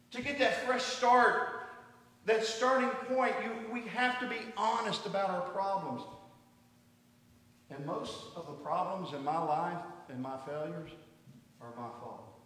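A middle-aged man delivers an earnest sermon, tossing rhetorical questions at his congregation. His voice sits high and carries a bright, sharp edge. It comes from well off the mic, echoing around a large hall with long reverb. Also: measured pace. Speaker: pastor. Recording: echoey hall from far off.

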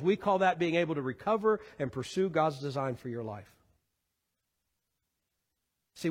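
A man delivers a sermon with earnest conviction, his slightly raised voice swelling to fervent emphasis before dropping low. The sound hangs in a long reverb, as in a church sanctuary. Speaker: pastor.

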